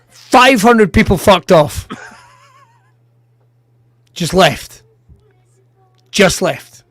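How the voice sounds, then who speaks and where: Comic host, higher-pitched, animated sweary raconteur, dry booth sound. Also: male voice, measured pace, long pauses, no room sound. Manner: animated, swearing, laughs through his stories. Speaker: comedian podcast host. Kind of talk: casual storytelling chat.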